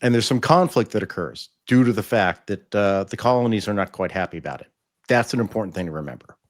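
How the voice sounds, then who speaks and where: Fast-talking with lively intonation and a fairly low pitch, this man hosts a podcast reviewing TV episodes. He opens by reading a scripted introduction, then breaks down plot points conversationally, often using fillers and restarting sentences.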